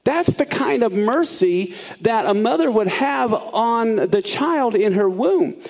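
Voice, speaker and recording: A man teaching a sermon, explaining Bible words in an animated way that swings up high for emphasis. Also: slow, creaky.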